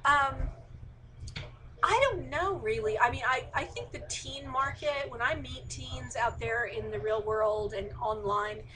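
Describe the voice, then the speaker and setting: A woman's voice: on the high side, measured pace, noisy background. A woman author in a casual online Q&A, reading out audience questions and answering them chattily with plenty of fillers. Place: indoors, remote live stream.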